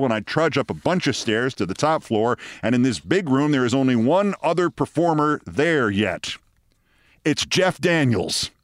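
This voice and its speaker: A middle-aged man with a New York accent hosting a podcast, telling a story with a wry, deadpan delivery and signing off the show. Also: mid-range voice, dry recording, clean studio sound. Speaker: podcast host. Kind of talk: storytelling monologue and show sign-off.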